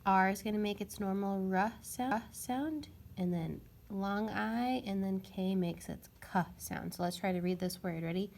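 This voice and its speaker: Slow patient woman teaching phonics. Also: mid-range voice, creaky, darkish tone. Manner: slow, patient, sounding out letters. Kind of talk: phonics lesson for young children.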